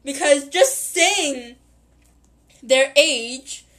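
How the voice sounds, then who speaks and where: A woman's voice: high voice, drawn-out words, fairly bright tone. A woman in her twenties hosting a podcast, telling a story in a rambling, giggly way and correcting herself often. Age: 20s. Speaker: podcast host.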